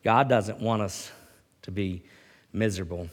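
A man preaching a sermon in an animated way, swinging from loud bursts to hushed words and often repeating himself. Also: fairly low pitch, measured pace. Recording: hall reverb.

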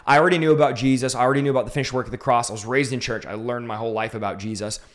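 A man in his thirties recounts his conversion in an interview with fervent, emphatic conviction. His mid-pitched voice rises to intense peaks. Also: steady tone, rapid-fire. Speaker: preacher telling his testimony. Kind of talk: impassioned storytelling in an interview.

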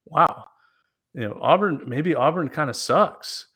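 A man co-hosting a sports podcast, easygoing and chatty as he weighs his picks. He talks things through out loud with filler words and restarts. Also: medium pitch, normal speed. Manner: relaxed, thinks aloud with fillers. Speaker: podcast co-host. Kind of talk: casual sports chat.

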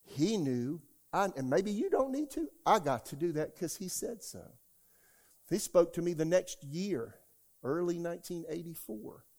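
A man preaches a sermon as a pastor. His voice sits a little high for a man. He tells stories from his own life and rises to loud, shouted quotes. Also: big pitch swings, a little slow. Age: 60s. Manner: storytelling, rising to shouts when quoting God.

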